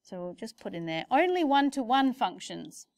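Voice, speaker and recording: Playful high-voiced maths teacher. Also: female voice, sing-song, moderate pace, darkish tone, no room sound. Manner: playful, chatty, jokey asides. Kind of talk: recorded maths lesson.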